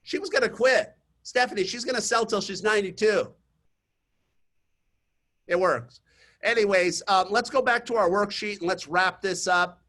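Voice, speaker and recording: A man coaching real estate agents in a webinar, telling chatty stories to the audience and pitching his program. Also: moderate pace, sharp tone. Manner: chatty storytelling, talks straight to the audience. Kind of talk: webinar presentation with sales pitch. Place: online webinar.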